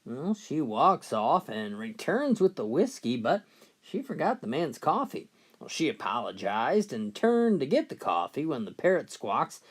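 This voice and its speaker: Man, joke teller, very lively pitch, animated storytelling. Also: a little slow. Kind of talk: telling jokes.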